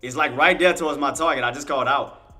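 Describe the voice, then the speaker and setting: An excitable man hosts a live trading stream with a bright, fairly high voice. He talks emphatically, repeats his calls, and grows heartfelt when thanking his viewers. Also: fast talker. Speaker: livestream day-trading host. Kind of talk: live market commentary to chat.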